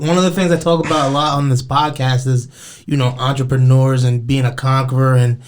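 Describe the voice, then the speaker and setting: A young man hosting a podcast, telling stories in a lively, slangy way. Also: medium pitch, a little fast, a little hiss or hum. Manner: animated storyteller, lively slangy delivery. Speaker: podcast host. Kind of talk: casual conversational interview.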